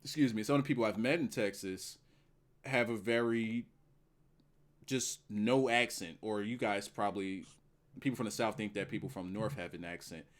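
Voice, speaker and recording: A man in his forties from the northeastern US hosting a casual call, teasing his guests with a loud, profane manner. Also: fairly low pitch, moderate pace. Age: 40s. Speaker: host. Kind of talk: casual chat on a stream.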